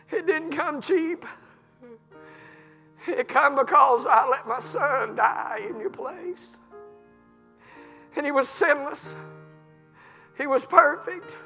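A man preaching an impassioned revival sermon in church, with cries of emotion. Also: very high voice. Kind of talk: revival sermon with altar call. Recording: reverberant hall with soft music.

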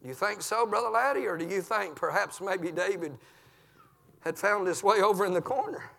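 A man preaching an impassioned sermon in a church, dropping to low murmurs and climbing to shouted peaks. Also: normal speed, vocal fry, big-room sound.

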